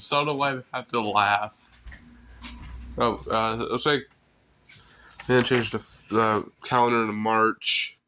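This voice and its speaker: A young man vlogging from indoors at home, rambling and excitable, his voice congested. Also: fairly low pitch, measured pace, pauses often, slight background noise. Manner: rambling, excitable, self-correcting. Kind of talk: casual narration while filming a storm.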